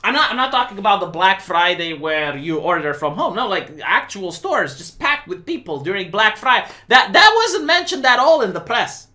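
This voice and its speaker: Young Romanian-accented man, sarcastic streamer rant, lively pitch, bright tone. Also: normal speed, hardly any pauses. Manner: sarcastic, animated, many fillers and restarts. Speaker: political commentator streamer. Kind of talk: casual sarcastic monologue.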